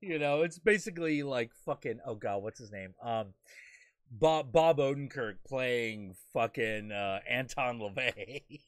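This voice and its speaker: A man's voice: medium pitch, slow. A man hosting a live stream, chatting crudely and rambling through comedy sketch retellings. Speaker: livestream host. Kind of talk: casual crude chat.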